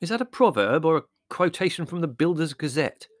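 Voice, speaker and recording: A man's voice: on the high side, expressive, a little fast, no room sound, studio quality, pitched above the performer's own voice. A man doing a sardonic, scornful young wit. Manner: arch, cutting, theatrical disdain.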